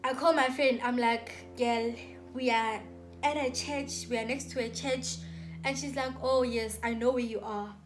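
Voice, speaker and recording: A woman's voice: a little high, fairly even intonation, normal speed, music in the background. A young South African woman telling a dramatic storytime on her vlog, with lots of repetition and acted-out quotes. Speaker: YouTuber.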